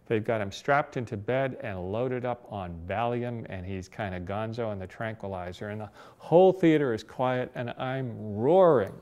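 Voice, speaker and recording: A man's voice: fairly low pitch, expressive, moderate pace, few pauses, darkish tone. A man in his sixties, a disability rights advocate, telling personal anecdotes in an oral history interview with a wry, reflective humor.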